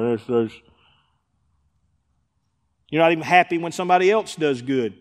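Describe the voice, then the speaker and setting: A man preaching as a pastor, who acts out the people he quotes and swings between loud and hushed delivery. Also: fairly high pitch, animated, a little fast, pauses often, in a large hall. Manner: preacher acting out quoted voices, rising and dropping in volume. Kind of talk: sermon. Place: church sanctuary.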